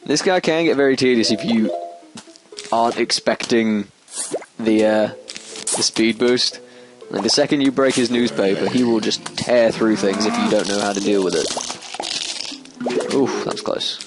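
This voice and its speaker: A man giving casual let's play commentary, explaining as he plays, with sudden squeaky excited outbursts. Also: a little slow, pauses often, rough recording. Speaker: gameplay commentator. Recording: game music playing behind. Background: game music.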